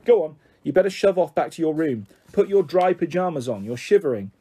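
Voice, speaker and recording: A bossy, cheeky young girl in care, as a man reads her part from a storybook. The voice sits a little high, with a mellow, soft and slightly husky tone. She talks brashly, ordering others about. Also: lively intonation, fairly quick. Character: bold, cheeky ten-year-old girl in care. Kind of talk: storybook character reading.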